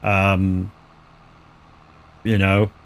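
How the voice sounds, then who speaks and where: A man's voice: deep voice, monotone, extremely slow. A man chatting casually on a live gaming stream, rambling, stumbling over words and swearing freely. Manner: rambling, swears freely, lots of restarts and stammers.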